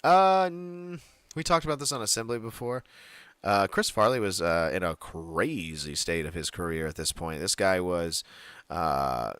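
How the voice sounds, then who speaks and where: A man's voice: deep voice, unhurried, a bit bright, clean tone, no room sound. A man co-hosting a casual wrestling podcast, rambling and joking, trying out silly accents. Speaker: podcast co-host.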